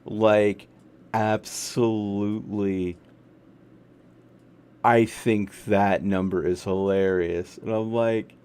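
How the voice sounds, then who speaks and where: Slow, low-voiced man playing a tabletop game. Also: level tone, a little mellow, clean tone. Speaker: player. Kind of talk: casual tabletop game chat.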